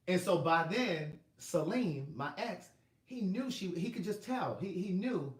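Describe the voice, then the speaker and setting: A middle-aged male author telling a personal story in a lively, laughing way, acting out quotes. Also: sits high, unhurried. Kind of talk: storytelling monologue. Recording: roomy echo.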